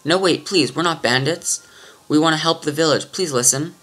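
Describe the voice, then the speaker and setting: Firm young female sword leader, raised voice, measured delivery, read by a man. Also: fairly high pitch, pushed and bright, voice pushed up. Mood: earnest.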